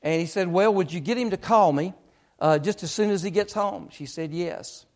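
A man's voice: sits high, moderate pace. A man preaching, retelling a story with lots of quoted speech in an earnest, building way. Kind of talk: sermon storytelling.

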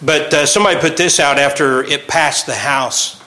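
A man over forty gives a relaxed sermon to a small group. His voice is bright and a little high for a man. He jokes and laughs easily between his serious points. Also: low-quality recording. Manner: chatty, joking, quick laughs between points. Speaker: pastor.

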